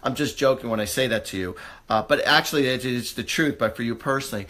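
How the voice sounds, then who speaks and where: A man hosting a live psychic reading, who talks in a halting, searching way with many fillers and restarts, then turns upbeat and reassuring. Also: mid-range voice, sharp tone. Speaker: psychic medium host.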